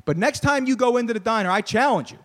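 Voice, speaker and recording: A young man hosting a podcast, telling a story in casual sports-talk banter, animated, riffing and ranting with laughs. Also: extremely high pitch, quick pace. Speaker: podcast host.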